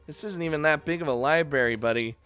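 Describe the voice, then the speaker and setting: A man's voice: on the high side, fast talker, a bit bright, clear, resonant tone, dry recording, soft background music, voice pushed up, lightly acted. A man voicing a practical young woman companion who speaks in a matter-of-fact, lightly teasing way.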